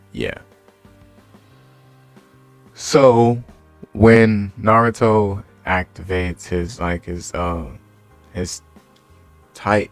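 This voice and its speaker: Deep-voiced young man rambling a story. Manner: rambling, full of fillers like "like". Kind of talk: casual story retelling. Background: faint music.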